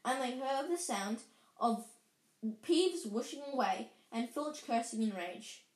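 A woman reads a children's novel aloud at an unhurried pace. She stumbles, restarts phrases and corrects herself as she goes. Her voice sits a little high, and the room gives it a roomy echo. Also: expressive. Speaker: reader. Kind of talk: casual book read-aloud. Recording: echoey room.

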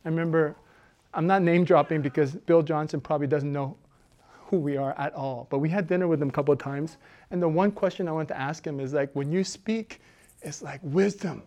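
Preaching in an animated manner, this middle-aged female pastor speaks fairly quickly in a low-pitched voice. She moves from loud urging to hushed intensity and laughs frequently.

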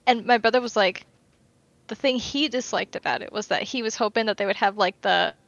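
Woman, podcast co-host, casual chat, animated storyteller, dry close sound, slightly muffled audio. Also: medium pitch, fairly quick, gravelly, dry recording.

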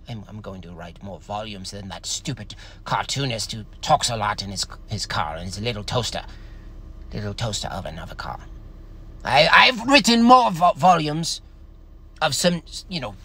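A man's voice: mid-range voice, gravelly, pushed and bright, husky, full character voice. A man doing a stammering, self-important British atheist author and father with a British accent, as a comedy bit. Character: smug pompous male atheist author and father, an impression. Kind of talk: comedic character voice on a stream.

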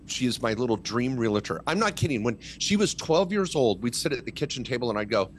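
A man's voice: mid-range voice, fairly quick, hardly any pauses, a little hiss or hum. A middle-aged man, a tax lawyer guest, talking in casual podcast chat and telling stories with emphasis. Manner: animated, emphatic storytelling.

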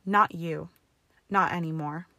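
A fierce young witch, proud and furious, snapping out scornful words, as a woman reads her. The voice sits lowish, and the dry sound stays close with no room echo. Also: fairly even intonation, slow, bright, forceful tone, heavily acted. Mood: bitter.

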